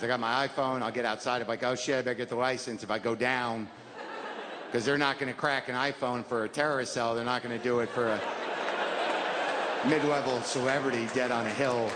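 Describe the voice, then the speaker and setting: A man in his fifties doing a stand-up routine, rambling in a neurotic, self-deprecating way and acting out little scenes. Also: medium pitch. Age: 50s. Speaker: stand-up comedian. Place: comedy club stage. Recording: live stage recording with hall reverb and audience noise. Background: audience laughter.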